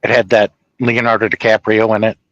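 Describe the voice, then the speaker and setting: A man telling a personal story in a rambling, profane, animated way, laughing at his own tale. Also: lowish voice, brisk, no room sound, muffled recording.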